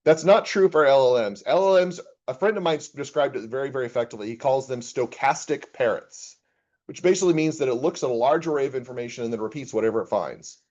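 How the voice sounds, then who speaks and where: A man's voice: medium pitch, quick pace, a little mellow, highs cut off. A man, an accounting professor, giving a casual classroom lecture and reading chatbot replies aloud with his own comments.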